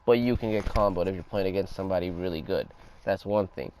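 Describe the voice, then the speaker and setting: A man's voice: deep voice, fast talker, a little mellow, slight background noise. A young man giving a casual, profane gameplay tutorial, talking loosely over footage. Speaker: gaming guide creator.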